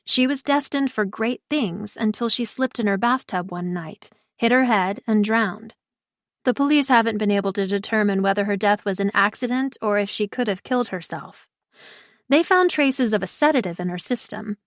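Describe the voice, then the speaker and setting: A woman's voice: medium pitch, no echo, clean studio sound. Woman reading a first-person cozy mystery. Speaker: audiobook narrator. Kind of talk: first-person audiobook narration.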